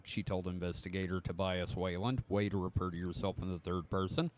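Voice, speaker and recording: A man's voice: low-pitched, fairly even intonation, brisk, few pauses, a little mellow. A man co-hosting a podcast with a cough, chatting casually, cursing freely and reading out news articles. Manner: rambling, profane, self-mocking. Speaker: podcast co-host.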